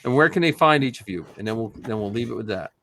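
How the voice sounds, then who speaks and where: A man's voice: medium pitch, lively intonation, fast talker, fairly bright tone, a little hiss or hum. A man hosting a podcast in casual chat, loose and self-deprecating, often trailing off mid-thought. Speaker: podcast host.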